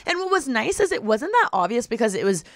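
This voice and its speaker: A woman's voice: a little high, fast talker, no room sound, clean studio sound. Bubbly young woman telling a story. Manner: animated, bubbly, lots of "like" fillers, laughs often. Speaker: podcast co-host. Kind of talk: casual storytelling chat.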